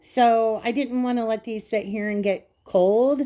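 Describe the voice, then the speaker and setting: A woman's voice: a little high, steady tone, unhurried, mellow. A woman hosting a casual home cooking vlog in her kitchen, chatting straight to viewers as she cuts food open and tastes it.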